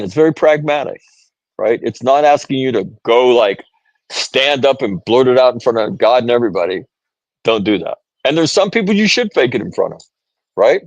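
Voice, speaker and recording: A man's voice: mid-range voice, a little mellow, no room sound, muffled recording. A middle-aged American man telling stories in conversation, earnest, often asking "right?" and restarting phrases. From United States. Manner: repeats "right?", many restarts, quotes others. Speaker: podcast guest, author.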